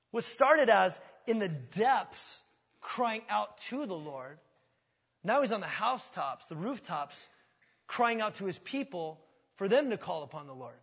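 A man's voice: high voice, expressive, a little slow, breathy edge. Earnest male pastor preaching in a reverberant hall. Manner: earnest, swings from hushed to fervent. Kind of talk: sermon. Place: church sanctuary.

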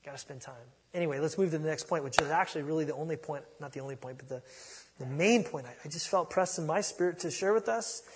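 A middle-aged man preaching a sermon in a conversational way, moving between soft asides and loud emphatic lines. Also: a little high, quick pace, long reverb tail, a little hiss or hum. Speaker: pastor.

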